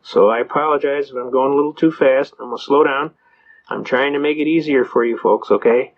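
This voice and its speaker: A man giving a storytelling lecture on legal rights, talking fast. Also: medium pitch. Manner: fast-talking, says he talks fast. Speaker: speaker teaching legal rights. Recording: dull lo-fi recording.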